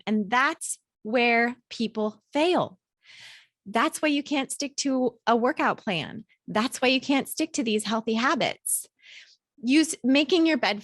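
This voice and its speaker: A woman in her thirties delivers an emphatic, motivational solo podcast from a hotel room, swearing now and then for punch. Her voice sits a little high. The sound is dry and close, with little room echo. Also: a bit bright. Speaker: podcast host.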